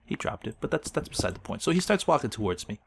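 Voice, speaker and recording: A man hosting a gaming video, telling an absurd made-up story in a deadpan, mock-solemn way that breaks into laughter. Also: medium pitch, fast talker, vocal fry, a little hiss or hum. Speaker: Let's Play host. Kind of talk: absurd tall-tale storytelling while gaming.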